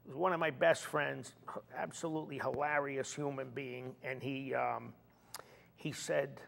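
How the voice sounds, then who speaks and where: A man with a creaky, mid-range voice tells a story at a moderate pace as a comedian guest in a casual chat. He is animated, acting out the quoted dialogue, and the recording has a long reverb.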